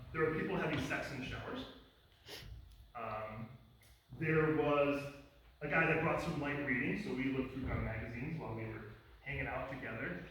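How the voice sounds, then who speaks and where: A man's voice: mid-range voice, a bit bright. A man speaking as a guest on mental illness, telling a personal story to a live class in a casual, conversational way with bursts of emphasis. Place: academy lecture room. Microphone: distant room mic. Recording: echoey room, distant mic, faint noise.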